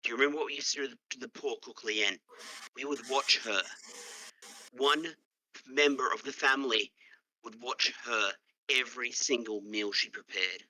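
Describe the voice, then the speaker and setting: A man voicing a young male elf who speaks haltingly and solemnly, repeating himself. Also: mid-range voice, pushed and bright, poor audio. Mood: earnest.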